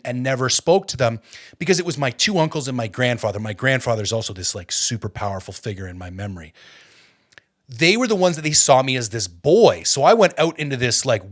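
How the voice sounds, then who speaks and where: Animated man telling a story on a podcast. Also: medium pitch. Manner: animated, gets fired up, many "like" fillers. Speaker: podcast host. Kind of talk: casual conversational storytelling.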